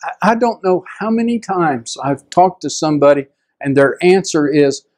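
Storytelling pastor. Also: male voice, expressive, moderate pace, a little mellow. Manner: conversational, acts out quoted voices with rising pitch. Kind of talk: storytelling sermon.

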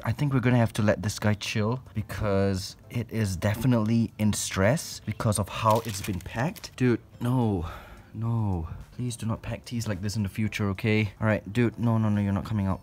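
A young man unboxing tarantulas on a phone-filmed home vlog, exasperated and swinging between loud outbursts and hushed whispers. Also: fairly low pitch. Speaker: tarantula keeper unboxing a delivery. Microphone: handheld phone.

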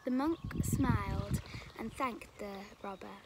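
A woman reading a story aloud for children at a church kids' group, expressive, sometimes dropping to a whisper. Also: mid-range voice, slow, very noisy.

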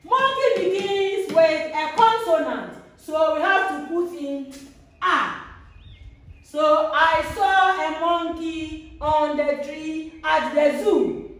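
A woman teaching a grammar lesson, repeating each example slowly with a sing-song lilt. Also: high voice, fairly bright tone. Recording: very echoey room, voice far from mic.

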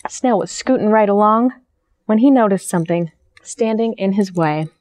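Young lady librarian doing storytime, gentle and friendly, reads to little kids, medium pitch. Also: moderate pace, dry recording. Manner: friendly, gentle teacher-like narration. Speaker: children's librarian. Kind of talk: storytime read-aloud for children.

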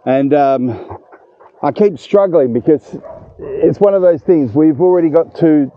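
With a slightly high voice and a measured pace, this man in his fifties chats warmly and emotionally to camera in an outdoor vlog at a dog kennel. The recording is muffled.

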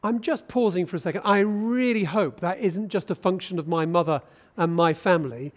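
A British bishop delivers a sermon in a church, his voice sitting high for a man. He speaks in an easy, conversational way, often turning to ask his listeners questions. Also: normal speed. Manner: conversational, asks the congregation questions. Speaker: bishop preaching.

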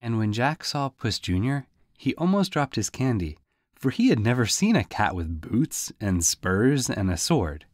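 A man narrating a storybook audiobook in a lively, folksy way. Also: medium pitch, a little slow, no room sound, clean studio sound. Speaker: audiobook reader.

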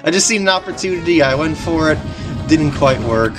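Giggly, excitable gameplay commentator. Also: medium pitch, fairly quick. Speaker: video game commentator. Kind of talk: casual let's-play commentary. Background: game music.

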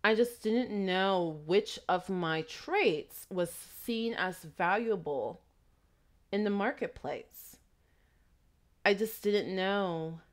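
A woman's voice: medium pitch, slow pace. A woman talking casually and reflectively in a vlog, with a slight trace of a foreign accent, rambling through asides and questions. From immigrant raised in Texas. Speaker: vlogger.

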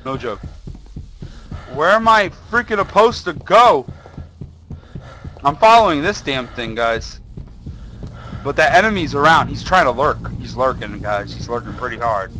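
A man's voice: medium pitch, expressive, measured pace, pauses often, sharp tone, rough recording. A young man playing a horror game, talking to viewers through a headset, jumpy and swearing under his breath as he goes. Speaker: gaming video host. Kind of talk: horror game let's play commentary.

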